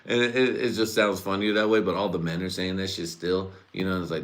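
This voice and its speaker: A man's voice: sits low, steady tone, a little fast, few pauses. A man hosting his own podcast, rambling through comedic ideas with lots of fillers, laughter and swearing. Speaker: podcast host. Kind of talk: solo comedic riffing.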